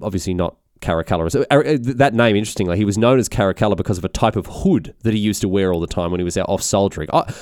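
A man's voice: lowish voice, rapid-fire, hardly any pauses, darkish tone, dry recording, clean studio sound. A man narrating history in a comedic, irreverent, rambling way. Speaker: history storyteller.

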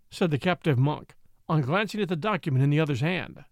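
Expressive male audiobook narrator. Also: fairly high pitch, brisk, no room sound, clean studio sound. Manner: expressive, theatrical.

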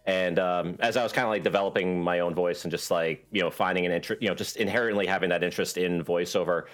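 A man's voice: sits low, fairly even intonation, fast talker. A man, a voiceover artist, chatting casually as a podcast guest, rambling with lots of fillers. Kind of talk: casual chat.

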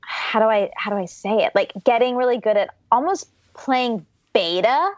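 A woman's voice: fairly high pitch, animated, moderate pace, no echo. Chatty woman from Georgia, dry lo-fi sound. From Georgia, USA. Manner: reflective, chatty, laughs often. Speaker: podcast guest. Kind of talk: casual interview storytelling.

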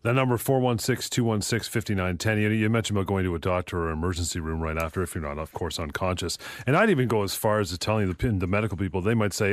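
A man hosting a radio talk show, briskly reading out contact details and listener emails. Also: low-pitched, dry recording. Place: radio studio.

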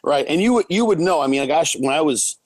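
A man speaking as a guest in a casual discussion, measured and a little hesitant, restarting his words. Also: a little high, animated, no room sound, rough recording. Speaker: guest, coach.

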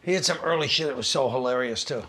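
A man chatting casually as a comedian guest, telling stories with lively acted-out voices. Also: mid-range voice, quick pace. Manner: animated storyteller who acts out the people in his stories. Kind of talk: casual chat, storytelling.

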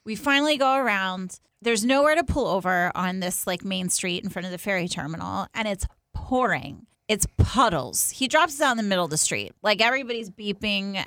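A woman co-hosting a podcast in casual chat, telling a lively story with acted-out quotes and asides. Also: medium pitch, no room sound. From East Coast of the US. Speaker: podcast co-host.

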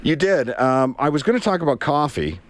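A man in his late fifties hosts an afternoon radio show, chatting casually on air and telling rambling, self-deprecating stories from the studio. His voice sits on the high side, with big pitch swings and a slightly fast pace. He uses a studio mic with a headset.

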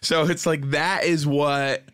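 A man co-hosting a comedy podcast, talking in a deadpan, ironic way with lots of fillers. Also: a little high, slow, smooth, dry recording, clean studio sound. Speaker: podcast co-host.

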